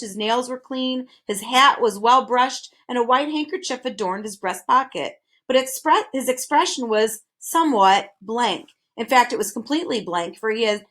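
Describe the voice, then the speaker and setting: A woman reading a children's storybook aloud in an expressive way. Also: fairly high pitch. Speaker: reader.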